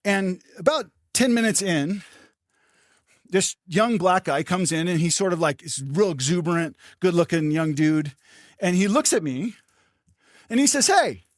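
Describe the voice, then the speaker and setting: An older man preaching a sermon as pastor, telling a story with animated, acted-out quotes. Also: high voice, a little slow, dry recording, clean studio sound.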